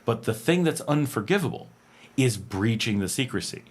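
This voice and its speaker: A man's voice: mid-range voice, moderate pace, slightly rough. An American man hosting a livestream, chatting casually and reading viewer comments with fillers and frequent laughs. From North America. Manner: rambling, animated, laughs often, many fillers. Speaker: livestream host. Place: home in Nicaragua.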